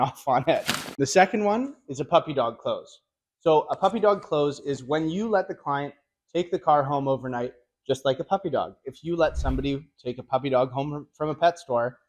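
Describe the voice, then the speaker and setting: Upbeat man coaching car sales. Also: on the high side. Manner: direct, energetic coaching; casual slangy phrasing. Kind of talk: instructional video talk.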